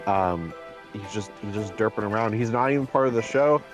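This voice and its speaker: A man's voice: fairly low pitch, brisk, over music. A man in a casual chat who tells a rambling anecdote full of fillers and acts out what people said. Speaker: co-host.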